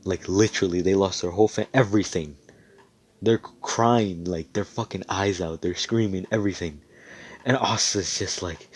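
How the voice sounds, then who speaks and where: Deep-voiced young man telling a fan story. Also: normal speed, breathy edge. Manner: rambling, profane, loose. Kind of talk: casual fan-fiction storytelling.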